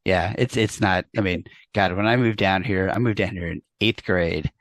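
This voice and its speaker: New york guy hosting a chat, low gravelly voice, keeps restarting his sentences. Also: moderate pace, no echo. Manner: chatty, repeats words as he restarts sentences. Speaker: interview host. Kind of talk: casual interview chat.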